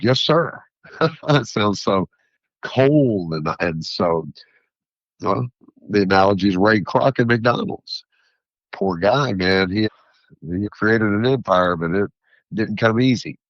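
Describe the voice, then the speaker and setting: A man who is a food entrepreneur, a guest on an interview show, talking in a rambling, philosophical and animated way. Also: low-pitched, no room sound, lo-fi sound. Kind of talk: interview conversation.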